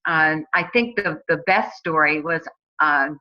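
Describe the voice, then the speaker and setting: A woman's voice: low voice, measured pace, bright, forceful tone. A woman in her forties, telling her own story in a chatty way, with many fillers and restarts. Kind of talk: casual personal testimonial. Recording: dull lo-fi recording.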